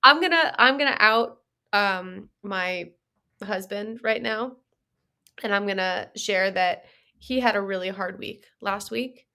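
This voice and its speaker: A woman's voice: medium pitch, unhurried. A woman who is a therapist, co-hosting a podcast in casual chat, often affirming with short murmurs. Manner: warm listener, lots of affirming murmurs.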